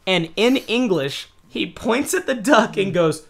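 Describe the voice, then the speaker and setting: A man's voice: high voice, unhurried, gravelly, slightly rough. Young American man telling a rowdy story. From United States. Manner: animated, yelling and laughing through a story. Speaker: podcast host. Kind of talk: casual storytelling.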